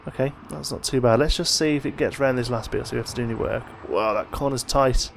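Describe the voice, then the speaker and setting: Tired, gravelly man narrating gameplay. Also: medium pitch, fast, a little hiss or hum. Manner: thinking aloud, relaxed and chatty. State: tired, yawning. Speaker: let's play host. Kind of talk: casual gameplay commentary.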